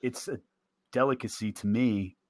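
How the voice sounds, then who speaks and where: With slight background noise, a medium-pitched male voice at normal speed tells a story on a casual podcast he co-hosts. He laughs frequently and talks into a headset mic, big headphones on.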